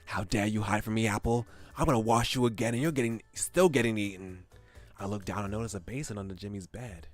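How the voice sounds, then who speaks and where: A young high-school guy narrates his own misadventures, read aloud by a man. The voice sits a little low, the telling is lively and exclaims at the gross moments, and quiet game music plays underneath. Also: brisk, close to an everyday voice.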